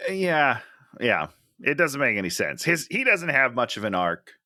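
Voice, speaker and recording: A man co-hosting a comedy movie review podcast, talking in a sarcastic, animated way and acting out lines from the film. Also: medium pitch, normal speed, dry recording, clean studio sound. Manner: animated, sarcastic, acts out characters' lines in big voices. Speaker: podcast co-host.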